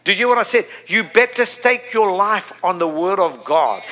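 A man's voice: sits high, lively intonation, normal speed, hardly any pauses, sharp tone. A middle-aged man preaching a sermon, impassioned and repetitive, building to emphatic peaks.

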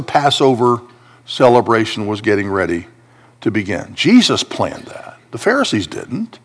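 A man's voice: medium pitch, big pitch swings, measured pace. A man preaching a sermon, building intensity with repeated emphatic phrases. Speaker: pastor.

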